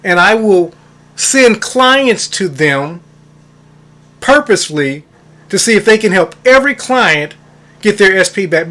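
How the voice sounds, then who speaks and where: A high-pitched man with a pushed, bright voice coaches on manifestation. In a casual monologue he tells a story, hits words hard for emphasis, and refers to his audience as "guys."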